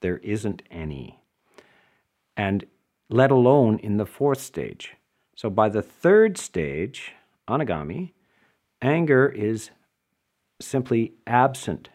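A man's voice: on the low side, sing-song, takes it slowly, long pauses, a little mellow. A man giving a dharma talk as a Buddhist teacher, explaining emphatically and answering listener questions with rhetorical asides.

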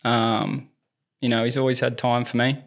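An Australian man, a tennis movement coach, telling lively anecdotes in a casual interview. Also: mid-range voice, normal speed, gravelly. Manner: lively anecdotes, acts out quoted dialogue.

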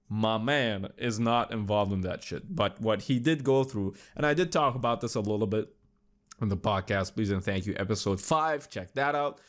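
A young man hosting a podcast, chatting casually in a loose, rambling way with lots of swearing. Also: on the low side. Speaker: podcast host. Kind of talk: casual solo commentary.

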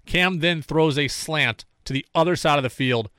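A man's voice: on the high side, normal speed, no echo, clean studio sound. A man hosting a sports talk show, recapping plays and ranting like a fan. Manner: animated, fan-style ranting with play-by-play recaps. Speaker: sports radio host.

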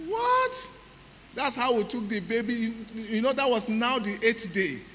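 A middle-aged Nigerian pastor with a fairly high voice preaches a sermon, telling his story with drama and acting out each exchange. His voice rings through a reverberant hall, with faint noise underneath. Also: moderate pace, fairly bright tone. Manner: dramatic storytelling, acts out dialogue.

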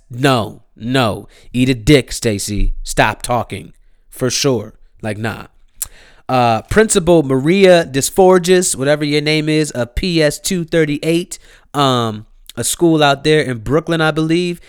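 A man delivering a comedic rant about weekly news, animated and incredulous, with frequent laughter and slang. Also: medium pitch, slow, clean tone, no echo, studio quality. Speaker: vlogger.

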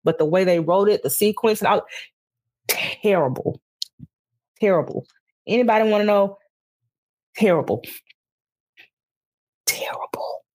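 A woman's voice: mid-range voice, fairly quick, darkish tone. A woman co-hosting a podcast in casual chat, ranting animatedly about TV and addressing listeners as y'all. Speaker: podcast co-host.

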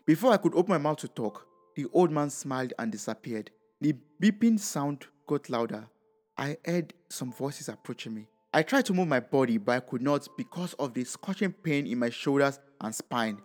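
A man's voice: mid-range voice, expressive, normal speed, soft background music. A man narrating a dramatic first-person story in a reflective tone.

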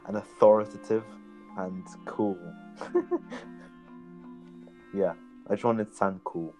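A man's voice: on the low side, fairly even intonation, takes it slowly, warm tone, faint music behind. A man playing in a tabletop game, bantering playfully and laughing often. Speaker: player.

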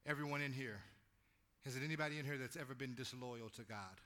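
A man preaching a lively sermon, his voice very bright and ringing. He draws the congregation into call-and-response. He drops to a low murmur, then rises to shouts. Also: fast talker. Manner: animated preaching that swings from quiet to shouting. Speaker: pastor.

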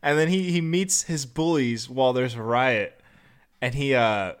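A man's voice: mid-range voice, a little slow, smooth. A young man co-hosting a casual movie review chat, rambling a little and acting out quotes in funny voices. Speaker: podcast co-host.

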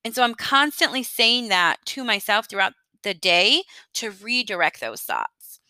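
A woman's voice: mid-range voice, very animated, a little slow, pushed and bright, dry recording. A woman in her thirties hosting a podcast alone, talking in a chatty, earnest way and laughing lightly now and then. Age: 30s. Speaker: podcast host. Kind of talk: casual solo podcast monologue.

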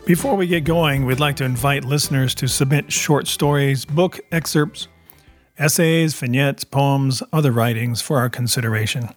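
A man's voice: medium pitch, normal speed, faint music behind. A man co-hosting a story podcast, giving a friendly, joking introduction. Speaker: podcast co-host. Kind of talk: casual show introduction.

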